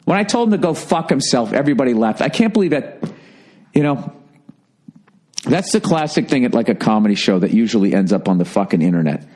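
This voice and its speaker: A man's voice: medium pitch, big pitch swings, fairly quick, darkish tone. Heated, foul-mouthed ranting man. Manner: profane, heated, sarcastic ranting. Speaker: comedian. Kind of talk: ranting podcast monologue.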